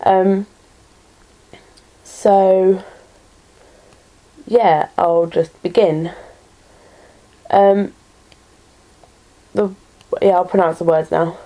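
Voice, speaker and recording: A woman's voice: mid-range voice, steady tone, drawn-out words, long pauses, dark tone, low-quality recording. A woman from Norfolk with a Norfolk English accent, chatting in a casual vlog and reading out a word list, hesitant with many ums and self-deprecating asides, recorded on a computer webcam at home. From Norfolk, England.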